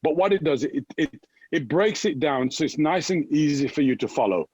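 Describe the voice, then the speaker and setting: A man's voice: on the high side, normal speed, breathy edge, no room sound, muffled recording. A man from Jamaica with a Jamaican accent, chatting as an upbeat fitness guest and often tagging his points with "right?". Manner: energetic, keeps tagging "right?". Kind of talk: upbeat motivational chat.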